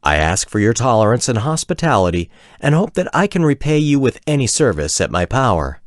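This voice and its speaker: A man voicing a courtly, self-assured male wizard with a gnomish accent, speaking formally and with measured politeness. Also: medium pitch, sing-song, no room sound, clean studio sound, pitched above the performer's own voice, lightly acted. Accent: gnomish accent of the fantasy world.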